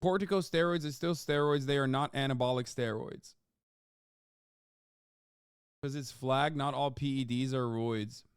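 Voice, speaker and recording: A man streaming a video reaction, joking loudly with profanity as he talks to his chat. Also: mid-range voice, measured pace, long pauses, clear, resonant tone, dry recording, studio quality. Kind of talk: casual livestream reaction talk.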